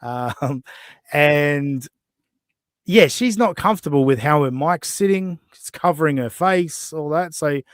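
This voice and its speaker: A man's voice: fairly high pitch, lively intonation, unhurried, no room sound. Australian man, podcast host, crude joking, dry close sound. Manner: crude, mocking, laughs often. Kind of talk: casual chat reacting to clips.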